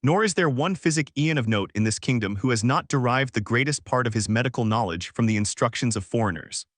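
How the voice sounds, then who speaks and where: A cunning, silver-tongued young adventurer speaks with cool, haughty poise, voiced by a man in an audiobook. His voice is dry and close to the mic, at a middling pitch. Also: expressive, dry recording, lightly acted. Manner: haughty, measured rebuke. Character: cunning, smooth-talking young male adventurer.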